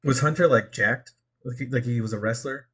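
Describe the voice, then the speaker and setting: A laid-back man chatting casually as a co-host, speaking softly and often trailing off. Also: medium pitch, fairly quick, slightly rough. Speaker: podcast co-host. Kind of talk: casual chat.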